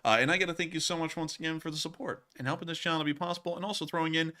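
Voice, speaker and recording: A man hosting a livestream, reading super chats and thanking viewers in a casual, animated way, often laughing. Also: a little high, very fast. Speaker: host.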